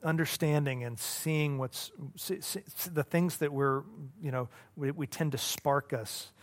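A man pastor leading a Bible study, talking earnestly in a halting, conversational way with many restarts. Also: on the high side.

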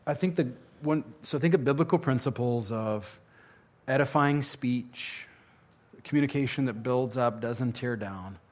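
A man's voice: medium pitch, a little slow. Guy taking audience questions at a talk, chatty and jokey, restarts a lot. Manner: conversational, joking, restarts often. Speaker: speaker answering audience questions on parenting. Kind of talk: live Q&A talk.

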